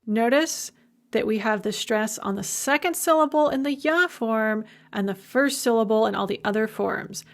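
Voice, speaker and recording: A woman lecturer with a slightly high voice talks through a recorded language lesson. She keeps it informal and chatty, tossing in quick asides as she explains. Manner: slow, stressed demonstration of spoken forms.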